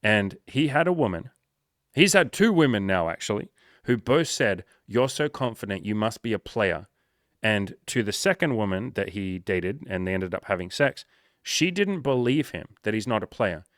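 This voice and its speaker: A man's voice: lowish voice, big pitch swings, normal speed, a bit bright, no room sound, studio quality. A man working as a dating coach, giving casual, frank advice with energy and plenty of swearing.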